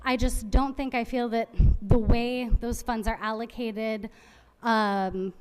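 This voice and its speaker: A woman's voice: fairly high pitch, clear, resonant tone, in a large hall. A woman giving public comment at a city council meeting, sarcastic and scolding.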